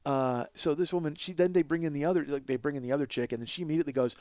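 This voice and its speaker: A man's voice: on the high side, very fast, darkish tone, no echo. A man in his forties hosting a comedy podcast, telling a rambling, profane, self-mocking story full of restarts. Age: 40s. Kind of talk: rambling comic monologue.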